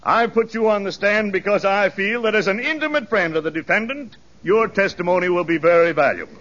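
A man's voice: high voice, a little fast, a bit bright. A man playing a pompous plaintiff's lawyer who orates grandly to the jury and questions witnesses, in 1940s radio comedy style. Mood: questioning. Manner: grandiloquent, stretched-out courtroom oratory. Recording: muffled old radio broadcast.

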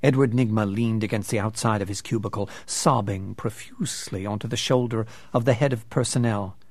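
A man's voice: on the low side, steady tone, brisk, no echo. A man reading a novel aloud as narrator, with dramatic storytelling. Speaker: audiobook narrator. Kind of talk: scripted narration.

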